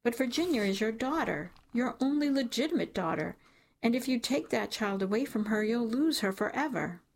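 A woman's voice: a little high, expressive, moderate pace, creaky, voice pushed up. A woman reading an audiobook, voicing a fierce middle-aged servant woman who argues urgently and indignantly.

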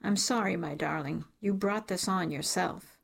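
A woman's voice: fairly low pitch, normal speed, gravelly, husky, exaggerated voice. A woman reading an audiobook, voicing a stern aristocratic father who gives cold, contemptuous commands.

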